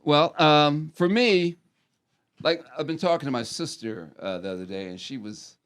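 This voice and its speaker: A man's voice: fairly high pitch, normal speed, a bit bright, clean tone. An older man, a podcast guest and retired probation officer, telling rambling, profane stories in casual chat. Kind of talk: casual storytelling.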